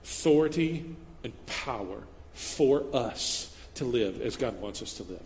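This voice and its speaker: A man's voice: mid-range voice, expressive, measured pace, darkish tone, a little hiss or hum. A male pastor preaching a sermon in a church, often stopping to correct himself mid-sentence. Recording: long reverb of a large hall.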